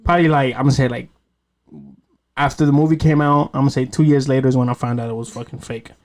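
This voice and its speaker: A podcast host in his late twenties tells stories in a casual chat, speaking fast in a mid-range voice. His storytelling is animated and heavily laced with swearing.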